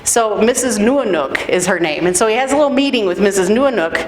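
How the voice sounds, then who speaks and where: A woman pastor giving a sermon in a conversational, animated storytelling way. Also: mid-range voice, brisk. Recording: echoey room, faint noise.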